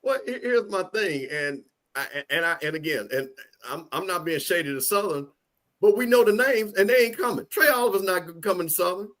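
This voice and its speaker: A man's voice: high-pitched, animated, brisk, a bit bright. A man co-hosting a casual sports talk show, making his points emphatically and repeating them for stress. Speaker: co-host.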